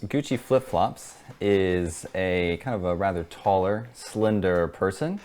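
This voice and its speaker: Low-voiced guy playing a tabletop game, laid back, lots of uhs. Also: a little hiss or hum. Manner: relaxed, halting description with fillers. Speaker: player. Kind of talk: describing a character in a tabletop game.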